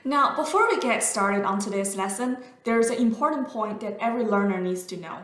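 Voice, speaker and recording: Woman teaching mandarin, slow careful demo voice, kinda echoey room. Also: a little high, expressive, a bit bright, faint music behind. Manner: slow, careful, drawn-out demonstration of sounds. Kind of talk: online language lesson.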